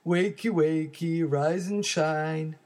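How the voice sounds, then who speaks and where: A woman's voice: low-pitched, fairly even intonation, slow pace, a little mellow. A woman voicing a tall father bear in a plain, matter-of-fact way in a storybook reading. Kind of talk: storybook read-aloud.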